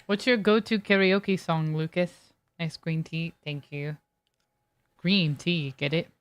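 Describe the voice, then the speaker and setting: Rambling young woman streamer, low smooth voice. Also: fairly even intonation, slow, dry recording. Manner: rambling storytelling with many fillers. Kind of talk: casual chat while gaming.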